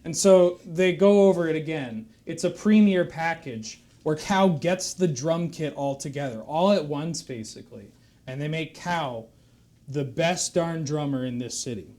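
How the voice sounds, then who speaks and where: A man spins a drawn-out shaggy-dog joke in a deadpan, meandering way, stopping to over-explain small details. His voice sits a bit high for a man. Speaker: comedian telling a joke.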